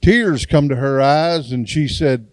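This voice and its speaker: A man's voice: mid-range voice, a little slow, no echo. Folksy evangelist man telling his story. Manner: folksy storytelling, acts out dialogue. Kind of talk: testimony sermon. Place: church.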